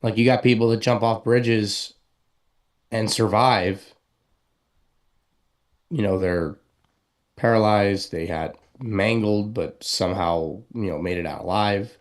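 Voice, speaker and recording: A man co-hosting a talk show, speaking earnestly and haltingly as he gives heartfelt advice. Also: lowish voice, steady tone. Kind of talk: casual talk show chat.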